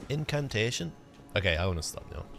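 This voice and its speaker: Deep voiced young guy streaming a game, jokey, talks to chat, jumps up loud when excited, little music behind. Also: fairly quick. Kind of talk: casual gameplay livestream chat.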